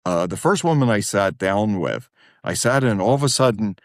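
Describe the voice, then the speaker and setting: A middle-aged man from Wilmington, speaking as a therapist guest and telling animated stories in casual chat. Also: on the low side, normal speed, no room sound, studio quality. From Wilmington, Delaware. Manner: animated, self-deprecating, jumps into quoted voices. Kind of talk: casual storytelling in a podcast interview.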